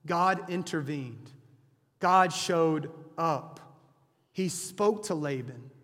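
High-voiced preacher man in a reverberant hall. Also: extremely slow, a bit bright. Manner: conversational storytelling with frequent restarts. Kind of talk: sermon retelling a scripture story.

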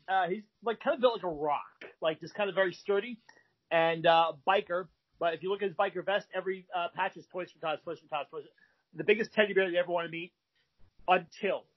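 Male guest, high husky voice, rambling storyteller, lo-fi podcast sound. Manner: rambling with frequent fillers and restarts. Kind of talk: animated storytelling.

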